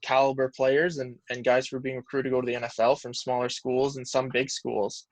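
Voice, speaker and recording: A man's voice: mid-range voice, level tone, a little fast, dry recording. A man in his twenties telling stories as an interview guest, rambling and peppering his talk with "like.". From Canada. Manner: rambling, heavy use of "like", reflective. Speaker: guest, pro football lineman. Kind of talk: casual storytelling interview.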